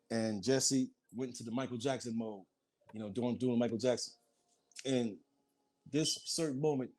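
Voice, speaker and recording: A man casually telling stories, acting out quoted lines in a higher voice. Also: darkish tone. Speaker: group member reminiscing. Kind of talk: casual storytelling.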